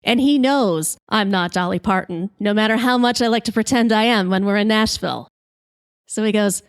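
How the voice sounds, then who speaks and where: A woman podcast host telling a comic story in a lively, brash way, swearing freely. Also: medium pitch, normal speed, clear, resonant tone, no room sound, studio quality.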